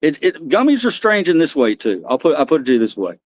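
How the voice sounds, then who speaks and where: An American livestream host with a fairly high voice talks fast with huge pitch swings, rambling loosely and reading chat as he addresses viewers by name. The recording quality is low.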